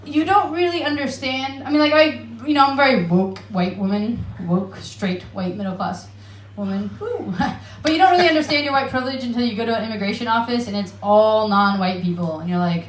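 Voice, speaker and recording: A woman from Alaska in the United States, speaking with an American accent, delivers a brash, profane, self-mocking comedy set in an Amsterdam club, laughing at her own asides. Her voice is on the high side and fairly quick, with few pauses, reverberant and carrying a little hiss or hum.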